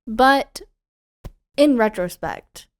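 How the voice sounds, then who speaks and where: A young woman in her twenties hosting a casual solo podcast from home, chatty and rambling, her voice a little hoarse from a cold. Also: fairly high pitch, expressive, drawn-out words. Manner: chatty, self-deprecating, rambling. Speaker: podcast host. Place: alone at home.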